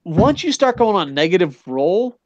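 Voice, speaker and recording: A middle-aged man hosting a casual podcast, talking in long, rambling runs full of swearing and fillers. His voice sits a little high, and the recording is dry and close. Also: very animated, moderate pace, darkish tone, dry recording, dull audio. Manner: rambling, profane, enthusiastic, lots of "you know what I mean". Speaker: podcast host. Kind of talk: casual wrestling podcast chat. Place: Japan.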